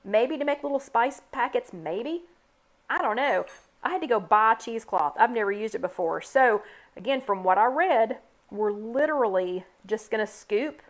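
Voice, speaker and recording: A woman's voice: on the high side, lively intonation, moderate pace. Chatty woman hosting a live cooking chat. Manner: chatty, upbeat, talks to viewers by name. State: hiccups. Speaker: host.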